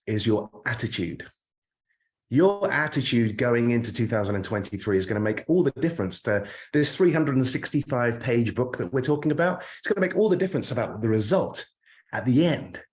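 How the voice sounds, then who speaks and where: Earnest British man coaching online. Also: mid-range voice. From United Kingdom. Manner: earnest, emphatic, repeats words when stressing a point. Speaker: career coach. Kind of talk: motivational online talk.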